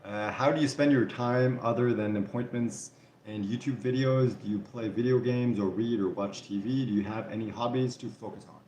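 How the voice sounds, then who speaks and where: Speaking at normal speed, this man has a mid-range, slightly mellow voice, heard in a reverberant room with slight background noise. He is a Canadian livestream host with a French Canadian accent, casually taking viewer questions, reading out comments, and saying "like" and "you know" a lot.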